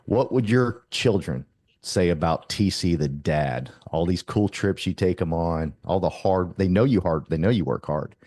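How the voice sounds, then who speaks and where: Effusive deep-voiced man hyping his guest. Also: lively intonation, normal speed, mellow, dry recording, studio quality. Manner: effusive, emphatic hype talk. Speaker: host of a partners call. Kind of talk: casual motivational chat.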